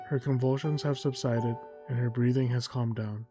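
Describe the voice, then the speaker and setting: A man reading a game's story text aloud in a soft, unhurried way, sometimes stumbling and correcting himself. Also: mid-range voice, steady tone. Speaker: gameplay narrator. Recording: faint music behind.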